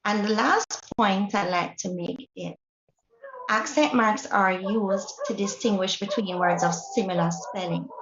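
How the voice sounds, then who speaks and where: A woman's voice: medium pitch, very noisy. A woman with a Jamaican accent teaching a Spanish lesson, explaining each point and checking in with the class. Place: classroom or workshop hall. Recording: roomy, dull lo-fi recording.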